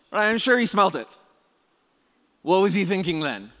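A man's voice: high-pitched, very animated, a little slow, fairly bright tone. A man preaching a conversational sermon, chatty and full of restarts and rhetorical questions. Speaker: pastor. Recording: long reverb of a large hall.

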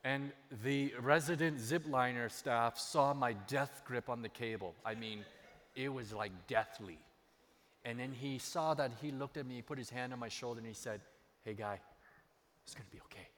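A man's voice: medium pitch, normal speed, a bit bright, a little hiss or hum. A man preaching a sermon. He tells personal stories and repeats key phrases for emphasis. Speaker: pastor. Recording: long hall reverb.

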